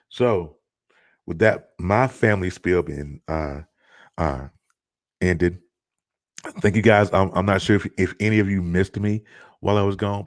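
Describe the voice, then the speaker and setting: A man's voice: sits low, a little mellow, no room sound, studio quality. A middle-aged man hosting a live stream from home, talking loosely with lots of fillers and restarts. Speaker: host of a live stream show. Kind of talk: casual live-stream chat. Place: at home, child heard nearby.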